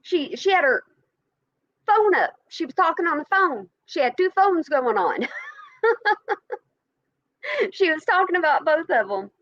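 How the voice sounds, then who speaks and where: A woman's voice: high voice, very animated, a little slow, long pauses, fairly bright tone, dry recording, highs cut off. A woman hosting a reaction channel, chatting casually to viewers, repeating herself and laughing often.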